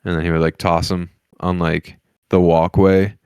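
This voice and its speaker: Very deep-voiced young man, casual. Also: level tone, normal speed, a little mellow, clean tone, no room sound, lo-fi sound. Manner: laid-back storytelling with frequent "like" and laughter-prone asides. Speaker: podcast co-host. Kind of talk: casual comedic chat.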